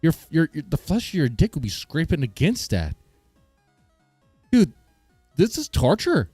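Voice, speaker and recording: A man's voice: on the high side, wildly swooping pitch, normal speed, dark tone, husky, no room sound. Bemused male streamer chatting with viewers. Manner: bemused, talks to chat, stammers when surprised. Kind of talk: live-stream reaction chat. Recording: dry close mic with faint guitar music.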